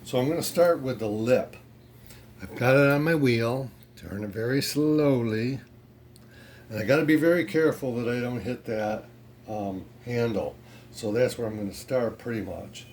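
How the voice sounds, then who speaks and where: A man teaching a ceramics how-to in a pottery studio, relaxed and chatty with many fillers. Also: mid-range voice, normal speed, a little hiss or hum. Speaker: ceramics instructor. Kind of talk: casual how-to demonstration.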